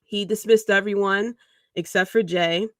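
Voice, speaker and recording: A woman hosts a casual livestream, rambling in an animated way and breaking into little chuckles as she goes. Her voice sits at a middle pitch. The sound is dry and close, with no room echo. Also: a little slow. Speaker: podcast host.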